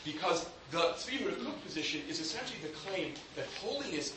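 A man's voice: on the high side, big pitch swings, a little fast, noisy background. Man lecturing in an echoey room. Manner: thinks aloud with frequent restarts and tag questions. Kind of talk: academic lecture. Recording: echoey room with faint ambience.

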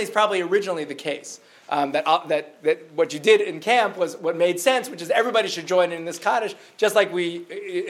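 A man teaching a class, answering questions and reading a story in a lively, chatty way full of fillers and restarts. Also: high-pitched.

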